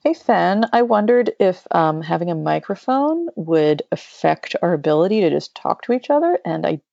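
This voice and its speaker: A woman's voice: on the low side, big pitch swings, normal speed, creaky, mellow, dry recording. A woman guest in casual chat, thoughtful and playful, heard on a dull, muffled recording. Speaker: podcast guest.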